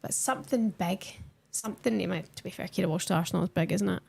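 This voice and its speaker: A woman's voice: on the low side, quick pace, creaky, a little mellow, breathy edge. A young woman chatting casually with her viewers on a live stream while she watches a football match and answers their comments.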